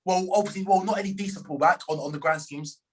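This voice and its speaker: A high-voiced man talks trading charts with a friend. He stumbles and restarts his phrases often, dropping "bro" into casual speech. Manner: halting, many restarts, says "bro". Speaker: trader. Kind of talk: casual chat.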